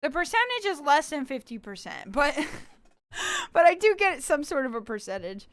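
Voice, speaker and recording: A bubbly young woman streams live, with a high voice that swoops up and down as she giggles and chats with her viewers. The sound is close and dry, with no room around it. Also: huge pitch swings, moderate pace, fairly bright tone, no echo. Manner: bubbly, giggly, talks to chat and plays a cutesy puppy-girl persona. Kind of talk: casual live-stream chat.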